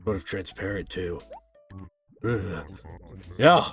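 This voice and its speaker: A man voicing a gruff, chummy male tiger villager while reading game dialogue aloud. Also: deep voice, animated, takes it slowly, a bit bright, faint music behind, exaggerated voice. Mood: spooky.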